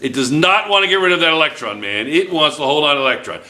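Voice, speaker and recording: Man chemistry teacher, bright voice, joking, questioning students, roomy classroom echo. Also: on the high side, expressive, fast. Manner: playful, joking with students, asks lots of questions. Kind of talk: classroom lecture. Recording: echoey classroom.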